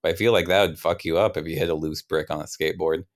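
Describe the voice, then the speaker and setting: Low, smooth-voiced man narrating a memory. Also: steady tone, fast. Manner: rambling, self-interrupting, wry. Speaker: player narrating his character. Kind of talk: improvised tabletop role-play narration.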